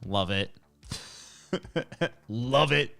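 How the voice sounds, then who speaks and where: A man's voice: mid-range voice, animated, very slow, creaky, fairly bright tone, faint music behind. A male host giving blunt, profane, scornful ranting commentary while reacting to clips and viewer questions.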